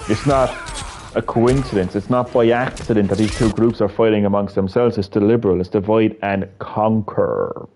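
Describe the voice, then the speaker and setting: A man's voice: lowish voice, fairly even intonation, normal speed, a little mellow. An Irish man giving a casual, rambling opinion monologue full of fillers and swearing. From Ireland. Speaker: video creator.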